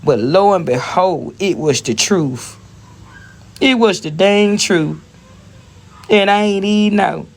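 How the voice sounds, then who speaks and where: A woman's voice: on the low side, animated, takes it slowly, pauses often. A woman ranting bluntly on a phone livestream, rambling and repeating herself as she talks straight to her viewers. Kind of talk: casual livestream rant.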